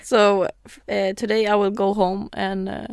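Gravelly-voiced Swedish woman, hesitant English. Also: medium pitch, little pitch movement, a little slow, a little mellow, dry recording, studio quality. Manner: hesitant, giggly, self-conscious English. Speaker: podcast co-host. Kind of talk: casual chat.

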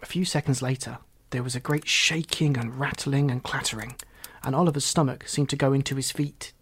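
A man narrating a children's storybook in an even, unhurried way. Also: medium pitch, a little hiss or hum.

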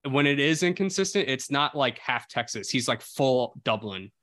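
A man's voice: medium pitch, lively intonation, moderate pace, fairly bright tone, no room sound. A man from New Jersey co-hosting a casual film podcast, often stopping to restart his sentences. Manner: hesitant, often restarts and repeats words. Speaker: podcast co-host.

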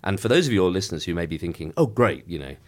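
A middle-aged man, a member of Parliament, giving a measured, emphatic political interview with frequent restarts. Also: low-pitched, lively intonation.

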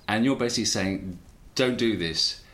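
Host: man, lowish voice, chatty and digressive, echoey room with light hiss. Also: moderate pace, a bit bright. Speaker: interviewer, podcast host. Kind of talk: conversational interview. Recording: roomy echo with faint noise.

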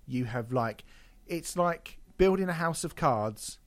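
A man co-hosting a podcast, talking in a casual, animated and mocking way with plenty of swearing. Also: on the high side, slow pace, dry recording. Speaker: podcast co-host.

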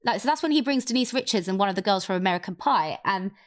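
Sarcastic young British woman. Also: mid-range voice. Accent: British English. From England. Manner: animated, sarcastic, quick to mimic. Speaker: podcast co-host. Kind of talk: casual film chat.

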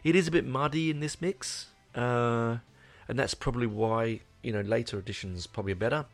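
A man's voice: mid-range voice, a little fast, soft background music. A man casually reviewing a record, rambling and swearing with plenty of restarts and enthusiasm. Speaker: album reviewer. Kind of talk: casual spoken album review.

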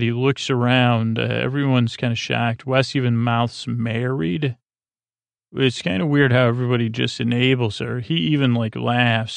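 A man recapping an episode in a slow, meandering sleep-podcast style, full of fillers and restarts. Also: mid-range voice, vocal fry, dry recording. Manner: meandering, filler-heavy, halting retelling. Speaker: podcast host.

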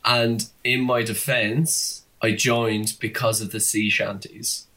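A man's voice: on the low side, flat delivery, slow pace, sharp tone. A man co-hosting a podcast, chatting casually and telling jokes. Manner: jokey, chatty storyteller. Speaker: podcast co-host.

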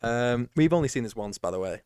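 A man's voice: medium pitch, expressive, brisk, a loud crowd. A man co-hosting a podcast, chatting casually with jokes and frequent laughs. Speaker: podcast co-host. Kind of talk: casual commentary chat.

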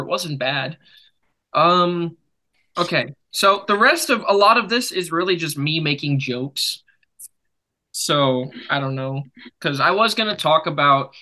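A young man hosting a casual podcast, telling rambling jokey stories with sudden loud bursts. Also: fairly high pitch. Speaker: podcast host. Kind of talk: casual chat.

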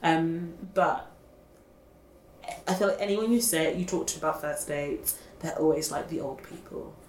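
A woman in relaxed chat, gushing and talkative and heavy on filler words. Her voice sits fairly low. The recording has a roomy echo and a faint hiss behind it. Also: measured pace. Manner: gushing, chatty, fillers like "like" and "oh my God". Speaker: podcast co-host. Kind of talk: casual chat.

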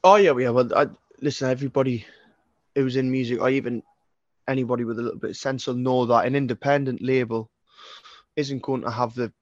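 A man's voice: medium pitch, fairly even intonation, a little fast, dry recording, lo-fi sound. A man in his twenties with a Geordie accent, a singer-songwriter chatting as a guest in a rambling, sweary way. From North East England. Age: 20s. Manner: sweary, rambling, frequent restarts. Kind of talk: casual interview chat.

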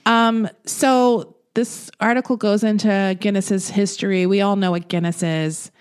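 A woman's voice: medium pitch, steady tone, unhurried, clean tone. A woman co-hosting a podcast, chatting casually and reading news stories aloud with running jokes and frequent giggles. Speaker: podcast co-host. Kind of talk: casual chat.

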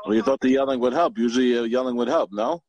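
Quick-talking student asking questions. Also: male voice, mid-range voice, a little mellow, lo-fi sound, slight background noise. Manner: quick, probing questions to the teacher. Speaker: student in the class. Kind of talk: questions in a class discussion.

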